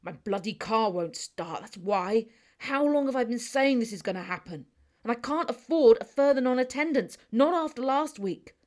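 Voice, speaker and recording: A woman's voice: low voice, moderate pace, hardly any pauses, voice pushed down. Woman doing a stressed, snappy young brother. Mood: stressed, snapping. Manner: loud, urgent, irritable.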